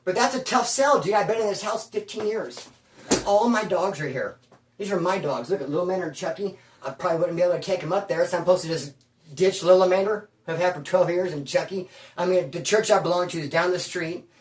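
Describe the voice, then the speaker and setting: Animated slangy man, roomy and off mic. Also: high-pitched, fairly quick, far from the mic. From Bakersfield, California. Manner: animated, slangy, keeps saying bro and dude. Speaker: vlogger telling prison stories. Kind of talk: casual storytelling. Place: at home, indoors.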